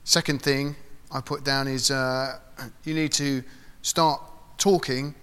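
A man's voice: medium pitch, flat delivery, takes it slowly, a bit bright, clean tone, in a large hall. A man preaching an informal sermon, talking conversationally and acting out short voices and prayers.

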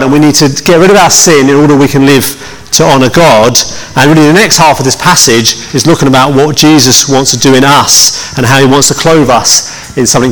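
A man's voice: mid-range voice, a bit bright. Chatty male pastor in a reverberant hall. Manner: chatty, joking, with many restarts. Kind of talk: conversational sermon. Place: church hall.

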